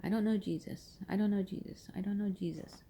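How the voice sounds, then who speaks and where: A woman voicing an impulsive male disciple, loudly and emphatically insisting. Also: medium pitch, fairly even intonation, a little fast, breathy edge. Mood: insistent.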